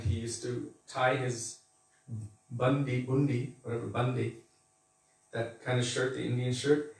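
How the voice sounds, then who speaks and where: A man's voice: medium pitch, creaky, darkish tone. A man giving a conversational devotional scripture class, laughing at times and acting out quotes. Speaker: spiritual teacher giving a class. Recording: echoey room, mic far off.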